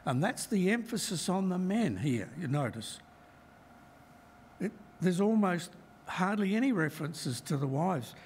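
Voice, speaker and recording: Slow, measured man giving a Bible talk. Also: high voice, big pitch swings, darkish tone, slight background noise. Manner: measured, emphatic, reflective. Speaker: lay preacher.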